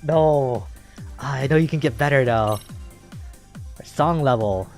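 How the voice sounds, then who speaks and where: A woman's voice: rumbling low, slow pace, darkish tone, faint music behind. A woman casually commenting while streaming a video game, chatty and musing aloud. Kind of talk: let's play commentary.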